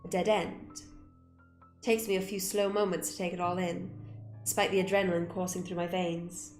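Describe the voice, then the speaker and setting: A woman gamer reading a visual novel aloud with expressive delivery and blunt, swearing asides. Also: on the low side, normal speed. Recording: roomy room with music behind.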